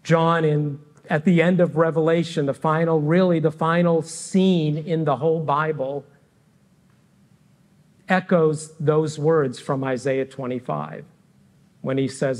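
A middle-aged man preaching a sermon as pastor, speaking earnestly and deliberately with frequent pauses between phrases. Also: a little high, steady tone, darkish tone. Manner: earnest and reflective.

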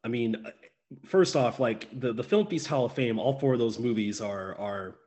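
Male podcast co-host, mid-pitched and eager, casual banter. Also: moderate pace, a little mellow. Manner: enthusiastic, laughs along. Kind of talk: casual chat.

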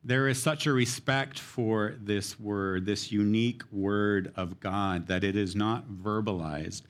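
A man's voice: fairly low pitch, steady tone, slow. A man preaching a sermon, explaining a psalm in an earnest teaching manner. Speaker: pastor.

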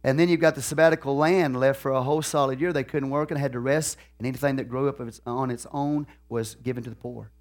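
Folksy Texan pastor preaching loudly. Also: male voice, medium pitch, steady tone, fast, few pauses. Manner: swings from soft asides to loud shouted preaching; folksy, peppered with "okay?" and "hallelujah". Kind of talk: sermon.

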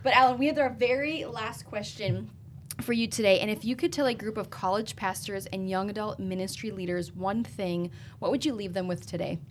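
A chatty woman co-hosting a podcast interview, quick to laugh and joke. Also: medium pitch, a little hiss or hum. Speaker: podcast co-host.

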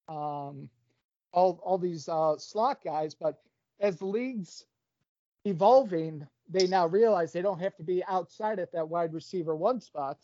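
A man's voice: fairly high pitch, a little mellow, no room sound, lo-fi sound. A man, a podcast guest, chatting casually about sports, rambling and restarting his phrases.

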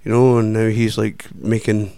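A man's voice: fairly low pitch, level tone, normal speed, creaky, warm tone, smooth, no room sound. A man with a Scottish accent co-hosting a casual music show, chatty and teasing. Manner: chatty, teasing, restarts a lot. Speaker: co-host. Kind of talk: casual radio chat.

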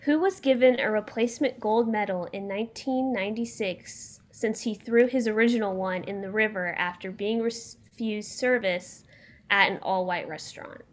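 A young woman runs a trivia game, reading each question aloud at a measured pace. Her delivery is plain and unhurried, with a middle-range voice. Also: mid-range voice. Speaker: quiz host.

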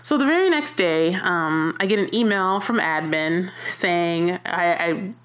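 A woman's voice: fairly low pitch, unhurried. Chatty woman telling her own story. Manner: chatty and candid, with frequent fillers and self-corrections; animated when quoting herself. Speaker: podcast host. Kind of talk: casual personal storytelling.

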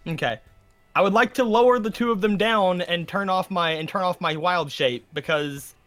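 High, bright-voiced joking man player. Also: normal speed, faint music behind. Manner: joking, chatty, repeats words while thinking. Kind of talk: casual tabletop play.

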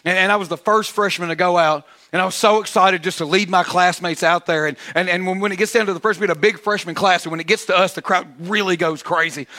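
Bright high-voiced male pastor preaching. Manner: storytelling, repeats words, says "man" often. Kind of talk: sermon with personal testimony.

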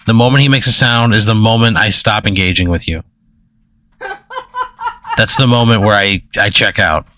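Bright, incredulous young man swearing. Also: lowish voice, a little hiss or hum. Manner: incredulous, swearing, quick questions. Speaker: podcast co-host. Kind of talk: casual comedic banter.

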